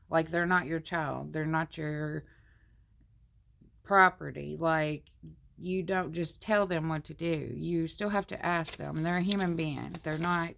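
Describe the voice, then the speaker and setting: A woman's voice: sits low, gravelly, a bit bright. A woman vlogger reading a marriage book aloud into her phone and breaking off to comment in a plainspoken, homey way. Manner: plainspoken, homey, slows down on the read passages.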